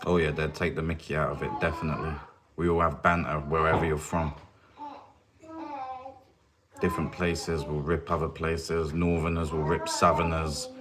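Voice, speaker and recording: A man's voice: extremely low pitch, little pitch movement, moderate pace, pauses often, a crowd in the background. A man with a Birmingham accent chatting casually on a livestream from his off-grid homestead kitchen. He is laid-back, answers viewer comments and calls everyone mate. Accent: Birmingham English.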